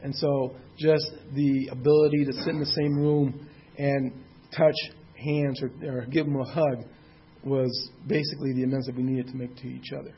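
With a medium-pitched voice and level tone, a sixties-aged man delivers personal testimony about his recovery at a meeting, plainspoken and candid, with an occasional mild curse. He speaks at a moderate pace, and the lo-fi sound carries a little hiss or hum.

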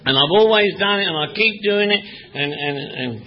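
A man's voice: high voice, lively intonation, moderate pace. A man from Northwest London with a London accent, speaking at a recovery meeting and giving a wry, profane personal testimony full of repetition. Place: meeting room with an audience. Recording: dull lo-fi recording, faint audience.

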